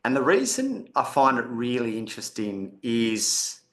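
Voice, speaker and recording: A man's voice: medium pitch, sing-song, measured pace, fairly bright tone. A man hosting a podcast who asks a long question in a casual, rambling way. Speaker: podcast host.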